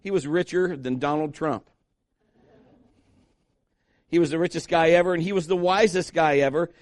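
Man preaching a lively, chatty sermon. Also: fairly high pitch, moderate pace, no room sound. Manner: conversational preaching, lively asides to the congregation. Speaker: pastor.

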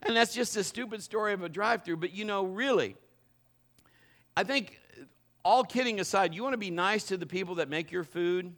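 Middle-aged pastor guy preaching, acts out his stories, voice sits kinda high. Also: moderate pace. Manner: animated, acts out the story. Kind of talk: sermon with humorous storytelling.

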